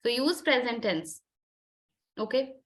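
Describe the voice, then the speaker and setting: A woman's voice: fairly high pitch, lively intonation, takes it slowly. A woman with an Indian English accent coaching a group discussion session, questioning students insistently and switching between Hindi and English. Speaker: communication skills trainer.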